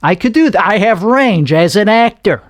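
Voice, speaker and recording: A man's voice: high-pitched, animated, normal speed, dry recording, studio quality. A man hosting his own podcast, rambling and making fun of himself. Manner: rambling and self-mocking. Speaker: podcast host. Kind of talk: solo comedic podcast chat.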